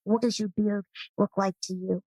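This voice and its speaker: A woman's voice: medium pitch, little pitch movement, moderate pace, dry recording, poor audio. A woman guest on a podcast, chatting casually and often murmuring in agreement. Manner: warm, affirming, with frequent agreeing murmurs. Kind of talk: casual conversation.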